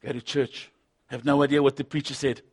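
A middle-aged man preaching a sermon, impassioned, swinging from loud urgency to hushed intensity. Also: medium pitch, level tone, brisk, breathy edge.

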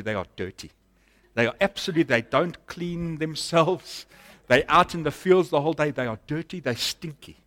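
A middle-aged man preaching a sermon, telling a story and swinging from loud bursts to hushed lines. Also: mid-range voice. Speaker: pastor.

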